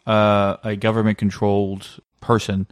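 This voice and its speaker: A man co-hosting a casual podcast, telling a story in an animated way with lots of filler words. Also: lowish voice, a little slow, no room sound, clean studio sound. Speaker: podcast co-host. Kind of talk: casual conspiracy podcast chat.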